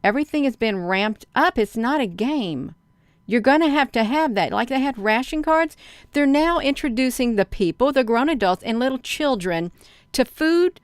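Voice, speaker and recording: Urgent woman livestreaming, smooth dry voice. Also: on the high side, animated, moderate pace, no room sound. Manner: urgent, emphatic, addresses viewers as "you all"; chats with viewers and reads their comments. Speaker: livestream host. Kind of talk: livestream commentary.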